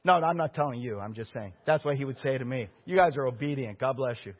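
Man, pastor, impassioned sermon, loud then hushed, husky, muffled lo-fi sound. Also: mid-range voice, expressive, fast.

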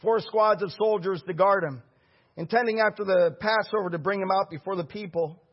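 A middle-aged man, a pastor, preaching a sermon with a husky voice, calling for the congregation's response and building to shouts. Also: high voice, fairly quick, highs cut off.

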